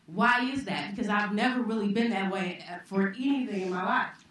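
A woman's voice: mid-range voice, fairly bright tone. Woman telling a story from a distant stage. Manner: conversational, reflective, with pauses and restarts. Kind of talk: live story slam telling. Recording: echoey hall, distant mic, faint noise.

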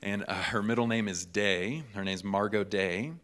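Bright-voiced, animated young male pastor. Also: lowish voice, moderate pace. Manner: animated, laughing often, repeating words for emphasis. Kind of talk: sermon to college students.

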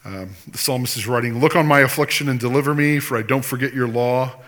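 A male pastor preaching with a bright, forceful voice that swings from loud emphatic scripture to quieter explaining. His sermon rings out with a long hall reverb. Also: mid-range voice, fast. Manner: impassioned preaching, reading scripture aloud with teaching asides.

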